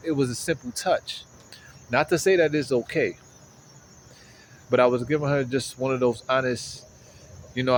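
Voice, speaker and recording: A man telling a story in a casual vlog, animated and slangy, often checking in with the listener, outdoors on a city street. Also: medium pitch, slight background noise, low-quality recording. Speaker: vlogger.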